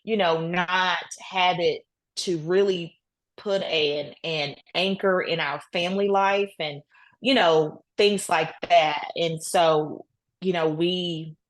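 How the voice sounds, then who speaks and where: A woman's voice: lowish voice, fairly even intonation, takes it slowly. A woman guest in an interview, telling her story earnestly with many "you know"s. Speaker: guest, cancer survivor. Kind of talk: casual interview talk.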